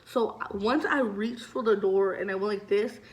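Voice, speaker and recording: A woman's voice: medium pitch, moderate pace. Young woman vlogger, casual storytime delivery, chatty and loose, peppered with fillers and curses, mid-range voice. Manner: chatty, heavy use of "like" and swearing; animated retelling, voices loud when acting out scenes.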